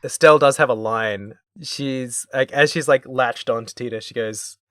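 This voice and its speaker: A podcast co-host chatting casually about a video game, with a wry, playfully mocking manner and quick acted-out quotes. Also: medium pitch, fairly bright tone, no echo, studio quality.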